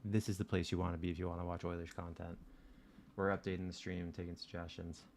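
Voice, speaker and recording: A man hosting a live stream, chatting casually and excitedly with his viewers and swearing freely. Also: deep voice, fast talker, slight background noise. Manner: excitable, swearing, talking straight to chat.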